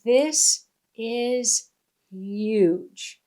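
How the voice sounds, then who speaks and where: A woman's voice: a little high, drawn-out words, dark tone. A woman spiritual teacher talking in a casual, conversational way, often repeating her points for emphasis.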